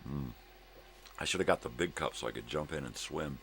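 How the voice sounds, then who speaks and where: A man's voice: a bass voice, fairly quick, creaky, a bit bright, a little hiss or hum. An older man hosting a casual livestream chat, rambling and laid-back, laughing often, hungover. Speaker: livestream host.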